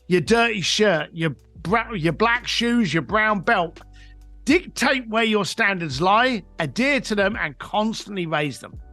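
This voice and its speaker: Animated high-voiced storyteller. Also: male voice, unhurried, no echo, faint music behind. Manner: animated storyteller, emphatic, acts out quotes. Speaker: guest, coach and author. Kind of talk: podcast interview storytelling.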